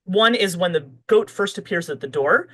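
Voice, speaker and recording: A woman's voice: fairly low pitch, expressive, moderate pace, fairly bright tone, slightly rough, low-quality recording. A woman author speaking as a podcast guest, talking in a loose, conversational way full of fillers and restarts. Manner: thinks aloud with fillers and restarts. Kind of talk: conversational interview.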